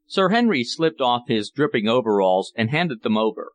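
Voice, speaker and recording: A man narrating a classic novel as an audiobook, measured and gently giving each character a voice. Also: mid-range voice, big pitch swings.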